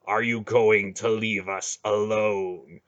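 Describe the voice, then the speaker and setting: Young sorcerer dude read by a man, slow and threatening, dull lo-fi audio. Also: lowish voice, flat delivery. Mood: menacing. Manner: slow, deliberate and quietly threatening. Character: young male sorcerer, coldly menacing and in command.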